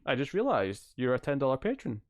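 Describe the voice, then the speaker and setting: A man's voice: mid-range voice, huge pitch swings, a little fast, dry recording, studio quality. A man hosting a casual livestream, chatting and reading out viewer comments in a rambling, self-amused way. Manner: rambling, chatty, laughs at himself. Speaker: livestream host.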